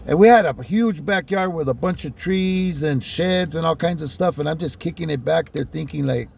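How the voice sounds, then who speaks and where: A middle-aged man spins a personal story in an easygoing, chatty way. His voice sits a touch high for a man and carries a gravelly rasp, and he keeps tossing in "man" and "you know" and small chuckles. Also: normal speed, darkish tone, a little hiss or hum. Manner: laid-back, peppers speech with "man" and "you know", chuckles often.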